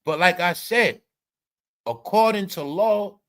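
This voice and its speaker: A man hosts a livestream and rants about celebrity gossip in a high, bright, edgy voice. He swears freely, taunts viewers and keeps circling back to "all right" and "y'all." The delivery is combative and loud. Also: animated, measured pace. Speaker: livestream commentator. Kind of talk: ranting celebrity gossip commentary.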